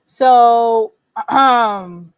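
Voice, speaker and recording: A woman's voice: fairly high pitch, very slow, clean tone, no room sound. A woman hosting a casual sports recap stream, talking to viewers as y'all and reacting to scores with exasperation. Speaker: sports show host.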